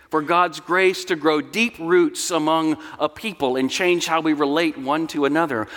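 A male pastor delivers an earnest sermon, explaining scripture and slipping into storytelling asides. His voice sits fairly high for a man. It rings through a long hall reverb, as in a church sanctuary. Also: fairly bright tone.

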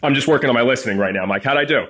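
Rapid-fire male podcast host, upbeat and announcer-like. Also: medium pitch, fairly bright tone. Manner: upbeat, quick, game-show announcing. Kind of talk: casual interview chat.

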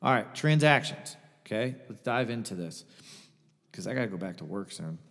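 A man's voice: fairly low pitch, animated, normal speed, fairly bright tone, big-room sound. A man co-hosting a fantasy football podcast, ranting with a lot of profanity in casual chat. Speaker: podcast co-host.

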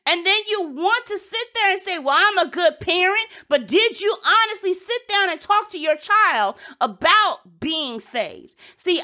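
A woman with a high, bright voice delivers a sermon. She talks in an earnest, exhorting way and circles back to repeat her points. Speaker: preacher.

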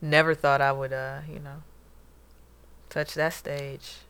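A woman in her thirties co-hosting a casual podcast chat, excitable and prone to loud, laughing outbursts. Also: deep voice, slow, clear, resonant tone. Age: 30s. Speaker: podcast co-host.

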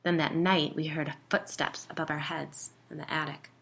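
A composed older woman, a grandmother, speaks in a low, measured voice with dry wit, as a woman reading the story puts her on. She keeps her tone even and unhurried. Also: gravelly, breathy edge, exaggerated voice. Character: calm, wry older woman, a grandmother and homeowner.

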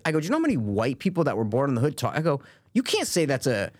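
A man co-hosting a podcast in casual chat, ranting in an animated way, swearing and often tagging his points with "right?" and "I'm just saying". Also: mid-range voice, fast, no room sound, studio quality. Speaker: podcast co-host.

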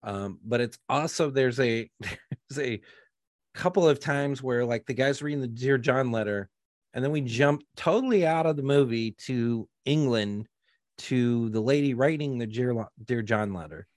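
A man's voice: medium pitch, normal speed, no room sound. Guy on a podcast rambling about a bad movie, sarcastic, dry close sound. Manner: rambling, self-interrupting, sardonic. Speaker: podcast co-host. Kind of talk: casual movie review chat.

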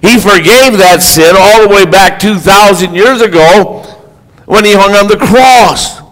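A man's voice: high voice, unhurried, fairly bright tone, poor audio. A man preaching a sermon as a pastor, in an earnest, exhorting delivery.

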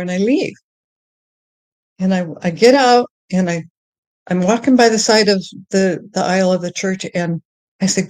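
A middle-aged woman sharing her personal faith testimony in conversation, halting with many restarts, and climbing high and excited when she tells of joy. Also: dry recording.

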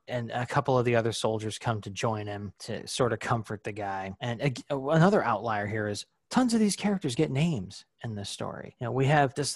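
A man's voice: mid-range voice, no room sound. A man co-hosting a casual podcast about comic books, rambling with enthusiasm and many restarts. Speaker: podcast co-host. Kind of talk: casual comic book discussion.

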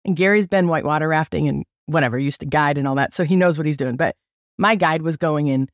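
A middle-aged woman hosting a podcast, telling a story in an animated, chatty way with lots of likes and okays. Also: low-pitched, fast talker, no echo, clean studio sound. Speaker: podcast host. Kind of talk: casual storytelling.

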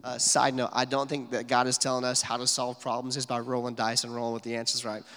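Guy giving a chatty sermon, lots of uh and like, goes real quiet for emphasis, gravelly voice. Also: medium pitch, completely flat delivery, fast, big-room sound. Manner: conversational preaching with many fillers, drops to near-whisper for emphasis. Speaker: pastor.

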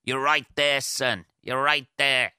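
A man's voice: medium pitch, fairly even intonation, slow pace, bright, forceful tone, smooth, no echo, clean studio sound, pitched above the performer's own voice. A man voicing a menacing hard man from a gritty film, with a Northern Irish accent and a clipped, threatening delivery.

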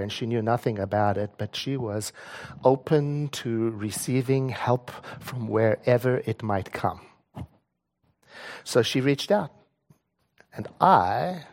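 Male prayer practitioner, mid-range voice, unhurried and earnest storytelling that swells into emphasis. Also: mid-range voice, creaky. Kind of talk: personal story in a spiritual talk.

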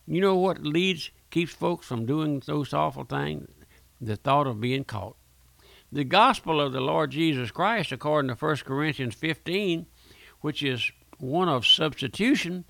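An older man preaches a fervent sermon, pleading and repeating himself as he drives each point home. His voice is gravelly and bright, a touch high for a man, recorded close and dry. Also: dry recording. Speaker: radio preacher.

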